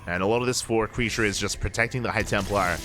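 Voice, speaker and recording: A man's voice: lowish voice, quick pace. Guy doing live game commentary, gets hyped in fights, music playing behind him. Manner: excitable, rising sharply in big moments. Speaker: esports caster.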